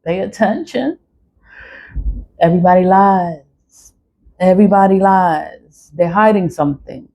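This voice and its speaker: A woman's voice: on the low side, a little slow, pauses often, mellow, a little hiss or hum. A woman ranting to the camera in a blunt, profane, defiant way, repeating her phrases and laughing between lines. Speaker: vlogger.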